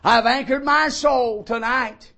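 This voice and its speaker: A man preaching a fervent old-time sermon in a very high voice. He speaks slowly and deliberately, then rises into ringing shouts of praise. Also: steady tone.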